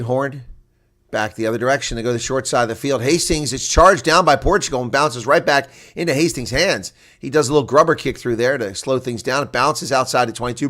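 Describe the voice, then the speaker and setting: A man with a medium-pitched voice calls live rugby play-by-play, excitable throughout and rising to shouts at the big plays.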